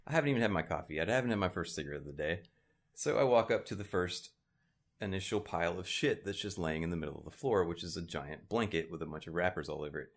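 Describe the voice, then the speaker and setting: A man telling a profane story in casual chat, growing loud and laughing as it builds. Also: low voice, lively intonation, quick pace. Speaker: storyteller on a podcast.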